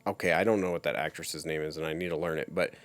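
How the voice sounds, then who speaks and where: A man's voice: rumbling low, steady tone, quick pace, no room sound. A young man co-hosting a casual podcast, grumbling in exasperation and swearing often. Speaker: podcast co-host. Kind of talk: casual chat.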